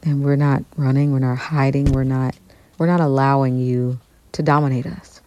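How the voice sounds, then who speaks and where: A woman guest telling an animated story in an interview, acting out the dialogue she quotes. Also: very deep voice, normal speed, dull audio. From United States. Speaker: guest musician.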